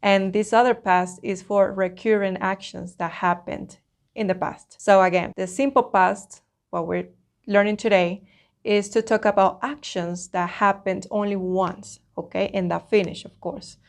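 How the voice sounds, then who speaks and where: A woman's voice: medium pitch, fairly even intonation, measured pace. Patient woman teaching an online lesson. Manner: patient, explains step by step, often checks with "okay?". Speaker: Spanish teacher.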